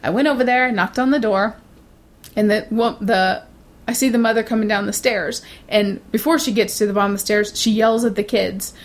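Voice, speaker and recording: A woman's voice: medium pitch, fairly even intonation, fairly quick. Blunt, salty-tongued woman telling a story. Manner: blunt, swears freely, acts out quoted voices. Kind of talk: casual storytelling chat.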